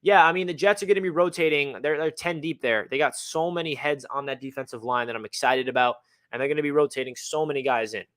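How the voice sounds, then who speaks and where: A man hosting a casual sports fan livestream, talking in a hyped, excitable way. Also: fairly high pitch, fast talker, few pauses.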